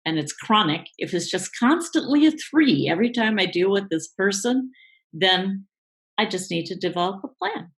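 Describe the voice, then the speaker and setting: A woman speaking as a guest coach in a live online interview, explaining in a relaxed way with many fillers. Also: medium pitch, moderate pace, low-quality recording.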